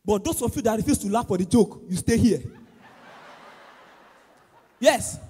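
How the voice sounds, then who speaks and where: A man with a Nigerian accent doing loud, animated stand-up comedy at a church service, acting out his exchanges with a pastor. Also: sits high, unhurried, husky. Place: large church auditorium. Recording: echoey hall with long reverb.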